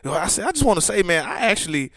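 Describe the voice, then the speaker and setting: A man's voice: on the high side, sing-song, racing, creaky, fairly bright tone, dry recording, clean studio sound. A man co-hosting a podcast, joking around in loose, profane banter. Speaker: podcast co-host. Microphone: podcast microphone.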